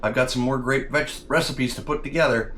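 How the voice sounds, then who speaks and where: A man's voice: medium pitch, fairly even intonation, brisk, a bit bright, a little hiss or hum. Guy hosting a cooking vid at home, mid voice, chatty and friendly, hums while tasting. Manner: friendly, chatty, addresses viewers as guys; talks while tasting, with mm sounds. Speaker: cooking channel host. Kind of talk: casual cooking demonstration.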